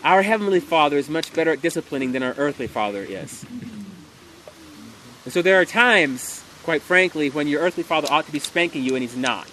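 A man delivering an earnest, emphatic sermon, speaking loudly so everyone can hear. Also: a little high, expressive, a little fast, a little hiss or hum. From Montana. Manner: earnest, emphatic, loud to carry in a room. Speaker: preacher.

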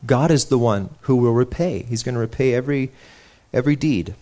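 A man's voice: medium pitch, brisk, warm tone. A young man preaching a sermon in an earnest, conversational way, stopping to restart his sentences and telling stories from his own life.

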